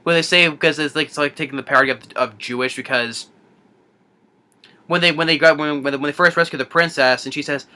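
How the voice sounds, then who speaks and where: Casual male film reviewer, bright and a touch high, rambling recap with lots of restarts, quotes movie lines in a put-on voice. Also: fairly even intonation, fast. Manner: rambling, many restarts and fillers; acts out movie lines in a higher voice.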